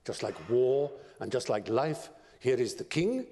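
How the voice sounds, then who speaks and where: A wry, elderly Persian inventor with a Farsi accent, as a lecturer puts him on, calm and cunning in his measured phrasing. His voice sits in a middle register and rings out with a long hall reverb. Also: medium pitch, slight background noise. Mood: sly.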